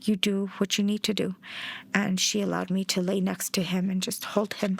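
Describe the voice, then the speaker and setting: A middle-aged bereaved mother from New Mexico gives documentary interview testimony in a plainspoken way, acting out past dialogue. Her medium-pitched voice moves little in pitch, runs at a moderate pace, and has vocal fry with a breathy edge.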